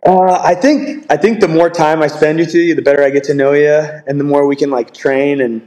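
A man's voice: on the high side, fairly even intonation, fairly quick, a little mellow, rough recording. A young man, a grappler guest on a podcast, who talks casually, laughs often and fills his speech with "like". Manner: easygoing, laughs often, says "like" a lot. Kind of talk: casual interview chat.

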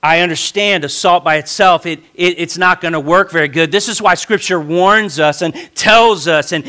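Fiery preacher, bright forceful voice. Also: male voice, sits high, normal speed, few pauses. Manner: swings from quiet to shouting, emphatic preaching; calls congregation to repeat after him. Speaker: pastor. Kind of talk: sermon.

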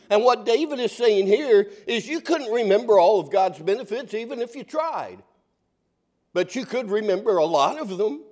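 A man's voice: high voice, a little mellow. A pastor preaching a sermon in a folksy, conversational way, asking his congregation questions.

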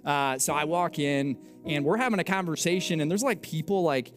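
A young adult man, a pastor, telling a story in a sermon with animated, self-mocking delivery and acted-out dialogue. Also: fairly high pitch, fairly quick, faint music behind.

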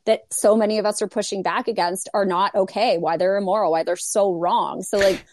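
A woman's voice: medium pitch, steady tone, fairly quick, slight background noise. A young adult woman from California, a podcast guest talking candidly in casual conversation and laughing often.

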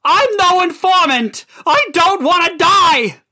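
A man voicing a terrified young mobster who cries and pleads for his life in a high, shrill voice. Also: animated, slow, sharp tone, full character voice. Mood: pleading. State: crying.

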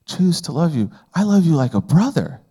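A man's voice: fairly high pitch, sing-song, normal speed, mellow, breathy edge, pitched above the performer's own voice, full character voice. A man voicing a hurt adult male apostle who asks wounded, pleading questions in a raised voice.

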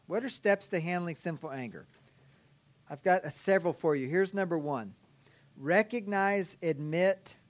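A man with a high voice gives a teaching lecture on counseling. He talks in a relaxed, conversational way and often checks in with his listeners. He laughs easily as he explains. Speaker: counseling instructor.

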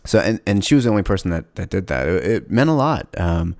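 A man hosting his own solo podcast, talking candidly and reflectively, pausing and restarting often. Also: deep voice, big pitch swings, gravelly, a little mellow, no echo, clean studio sound. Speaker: podcast host. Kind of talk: casual solo podcast monologue.

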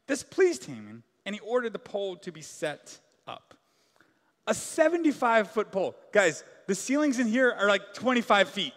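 Man, pastor, casual joking sermon, high-pitched voice, reverberant church hall. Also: big pitch swings, moderate pace, fairly bright tone. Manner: casual, joking, many filler "like"s.

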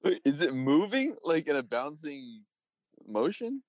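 A man's voice: a little high, sing-song, unhurried, a little mellow, no room sound, clean studio sound. A young man on a podcast, asking puzzled questions and giggling in casual banter. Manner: quizzical, giggly. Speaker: podcast co-host.

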